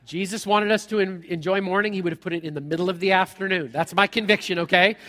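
A man's voice: high-pitched, quick pace. A man preaching a sermon in a church hall, telling a story with humor and acting out the characters. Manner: animated storytelling, acts out characters, jokey. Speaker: pastor.

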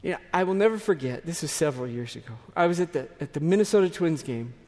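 Chatty preacher with a higher voice. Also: male voice, lively intonation, fast, a little mellow, in a large hall. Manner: conversational storytelling with asides and restarts. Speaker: pastor. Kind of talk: sermon.

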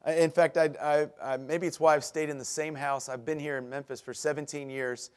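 Man, middle-aged, preacher, sermon, chatty anecdotes, self-deprecating, higher pitch. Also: brisk, clear, resonant tone. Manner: chatty storytelling with self-deprecating humor and laughs; animated, rises in pitch and volume at punchlines. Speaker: pastor.

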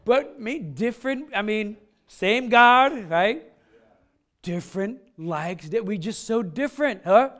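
A middle-aged man with a high voice delivers a loose, joking sermon from the pulpit. He talks in a chatty, rambling way and keeps slipping into asides. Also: expressive, unhurried, fairly bright tone. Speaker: pastor.

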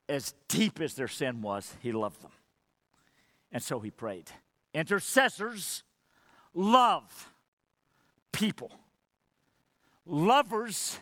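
A man's voice: high-pitched, pushed and bright, dry recording. A man preaching a sermon with passion, acting out quoted dialogue and dropping to near whispers for emphasis. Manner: impassioned preaching with dramatic drops to near whisper; acts out quoted dialogue between God and Moses. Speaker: pastor.

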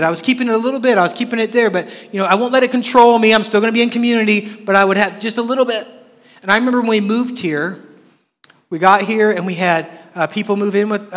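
A man's voice: high-pitched, fairly bright tone, in a large hall. A man in his forties preaching a sermon, telling a candid, self-deprecating story with frequent restarts. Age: 40s. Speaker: pastor.

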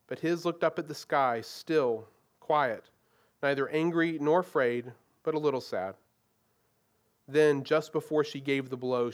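Male storyteller, dramatic reading aloud, expressive, slightly high pitch.

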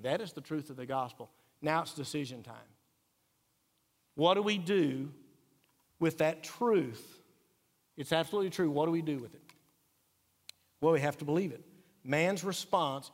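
A man pastor, preaching a sermon earnestly and emphatically, dropping quiet for key points. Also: on the high side. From Texas. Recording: echoey hall reverb.

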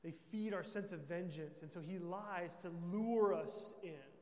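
A man's voice: high voice, measured pace. A man preaching a sermon as pastor. He speaks emphatically and keeps checking in with his listeners. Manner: emphatic, with conversational check-ins. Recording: echoey hall with long reverb.

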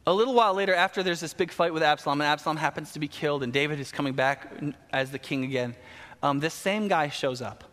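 A man preaching a sermon, retelling a Bible story in a casual, animated way with slang asides. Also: a little high, fast. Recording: long hall reverb.

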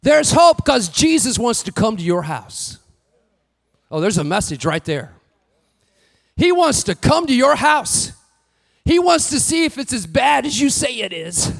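A man preaches with animated delivery, his voice pitched very high and gravelly. He rises to shouts and acts out what the figures say. His words ring through a hall with a long reverb. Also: measured pace, pauses often. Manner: animated, shouting at peaks, acting out quotes. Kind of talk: sermon.

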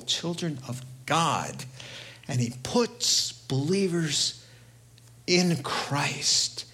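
A male pastor with a New York accent preaching a sermon, animated, acting out quoted voices and swinging between loud and hushed delivery. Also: fairly high pitch, slow.

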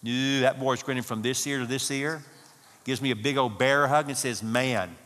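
A man's voice: mid-range voice, normal speed, fairly bright tone. A man giving a humorous, folksy sermon talk at a marriage conference. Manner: folksy storytelling with Southern phrasing. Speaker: conference speaker. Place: church conference hall. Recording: hall reverb.

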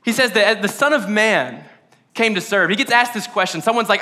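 High-voiced, playful man preaching. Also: a little fast. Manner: animated, playful, conversational. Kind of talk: casual podcast sermon. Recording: long hall reverb.

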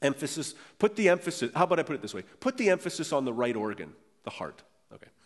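A man preaching a sermon as pastor, earnest and emphatic, slowing down to stress key phrases. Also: on the high side, big pitch swings. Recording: long reverb of a church hall.

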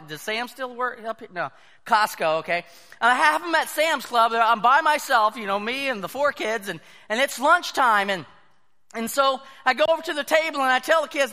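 A man preaching a sermon, telling animated stories and acting out the voices of the people in them. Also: high voice. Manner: animated storytelling, acts out quoted voices. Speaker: pastor. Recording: long hall reverb.

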